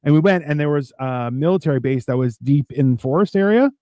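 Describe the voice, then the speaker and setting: Guy telling wild stories on a stream, swears a lot, laughs, slightly high voice, dry close mic. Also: lively intonation, a little fast, darkish tone, dry recording. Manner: profane, laughing storyteller. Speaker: co-host. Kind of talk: casual storytelling chat.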